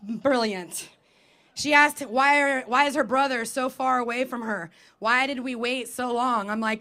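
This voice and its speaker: A woman's voice: high voice, unhurried, a bit bright. A woman in her thirties performing a self-deprecating stand-up comedy set on an outdoor festival stage, speaking into a handheld mic with punchy timing.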